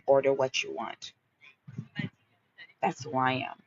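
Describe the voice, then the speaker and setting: A woman with a Haitian accent hosts a live Q&A as a motivational livestream talk, her voice extremely low, gravelly and slow with little pitch movement, on dull audio. She speaks emphatically in affirming, repeated mantras, calling listeners honey and baby.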